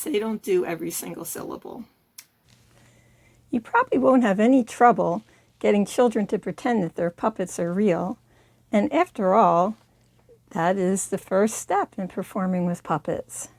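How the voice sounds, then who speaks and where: A woman's voice: medium pitch, animated, moderate pace, darkish tone, no room sound. A woman hosting a puppetry channel, explaining puppet techniques in an encouraging, teacherly way. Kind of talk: instructional video.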